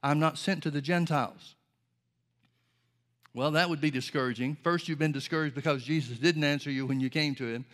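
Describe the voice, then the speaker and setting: A man preaching a sermon, explaining scripture in a measured way and reading old-style Bible verses aloud. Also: a little high, fairly even intonation, fairly bright tone.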